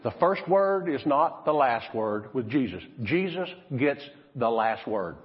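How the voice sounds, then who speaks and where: A man preaching a sermon, swinging between loud, emphatic lines and hushed, drawn-out ones. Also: mid-range voice, sing-song. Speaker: pastor. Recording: lo-fi recording in a reverberant hall.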